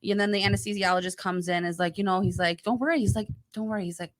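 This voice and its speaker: A woman's voice: fairly low pitch, quick pace. A woman co-hosting a podcast, telling a personal story in casual chat and acting out what she said. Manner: animated storyteller, acts out her own past lines. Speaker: podcast co-host.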